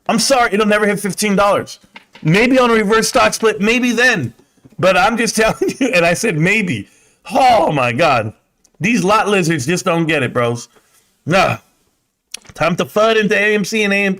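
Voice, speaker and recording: Brash male livestream host, higher voice, profane, laughs a lot. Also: animated, normal speed, fairly bright tone. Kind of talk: casual livestream chat reading comments.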